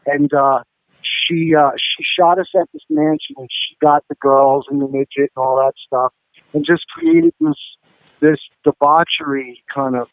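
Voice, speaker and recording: A man's voice: a little high, dry recording. Man telling stories over a tinny line. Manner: rambling, profane, many fillers. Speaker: guest rock musician. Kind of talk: casual interview storytelling. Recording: tinny phone-line audio.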